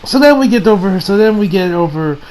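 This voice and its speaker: A man reviewing an anime episode in a rambling, excitable manner, full of slang and swearing. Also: high voice, brisk, rough recording.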